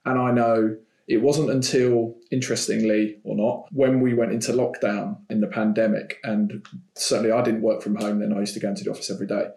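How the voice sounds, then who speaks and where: A middle-aged man with a London accent and a lowish voice, recorded in a noticeably echoey room. He talks in loose, hedging, run-on sentences as a podcast guest. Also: level tone, a little fast, dark tone. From London, England. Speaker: guest, banking executive. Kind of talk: conversational podcast interview.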